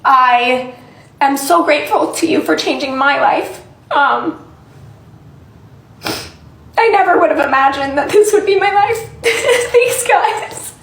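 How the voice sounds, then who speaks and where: A woman content creator crying as she speaks to her followers, halting and filling gaps with many ums. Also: high-pitched, a bit bright, reverberant, rough recording. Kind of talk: tearful casual talk to followers.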